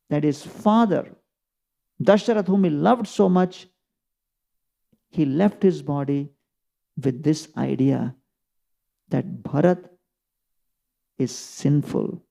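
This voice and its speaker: A man's voice: high voice, vocal fry, dark tone, highs cut off. A man giving a scripture class as a sermon, telling the story earnestly with emphatic rises. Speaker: preacher.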